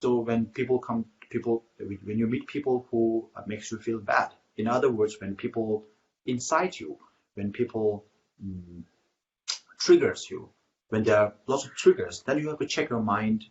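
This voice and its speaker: A lower-voiced man gives a Buddhist dharma talk, pausing often with fillers and restarting his phrases. The recording is muffled and lo-fi. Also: darkish tone. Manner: halting, many fillers and restarts. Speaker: Buddhist teacher.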